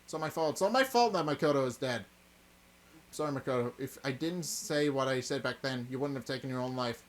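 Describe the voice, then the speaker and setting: A man's voice: mid-range voice, brisk, lightly acted. A man reading a remorseful male student. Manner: anguished, remorseful. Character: heartbroken young male student.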